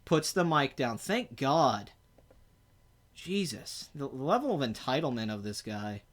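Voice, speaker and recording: A young man hosting a casual podcast, rambling and animated as he talks to his viewers and teases his co-host. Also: mid-range voice, a little slow. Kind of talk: casual livestream podcast chat.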